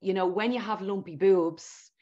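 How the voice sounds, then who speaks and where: A woman's voice: medium pitch, normal speed, dark tone. A woman hosting a podcast interview, speaking emphatically and reassuring her guest. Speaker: podcast host. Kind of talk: conversational interview. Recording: dull lo-fi sound.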